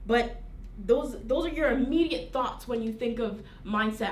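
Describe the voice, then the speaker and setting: A woman's voice: on the high side, measured pace, a little mellow, a little hiss or hum. A woman leading an informal Bible study in a conversational way, reading verses aloud and checking in with her listeners. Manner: conversational, frequent tag questions, reads scripture aloud. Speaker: Bible teacher. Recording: roomy, distant mic.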